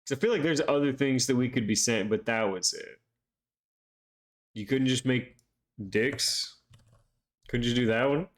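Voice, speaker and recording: A man's voice: mid-range voice, unhurried, pauses often. A man streaming a visual novel, reading out all the characters' lines and chatting casually with his viewers between scenes. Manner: reads every character's lines himself, then breaks into loose swearing chat. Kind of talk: reading game dialogue aloud while streaming. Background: game music.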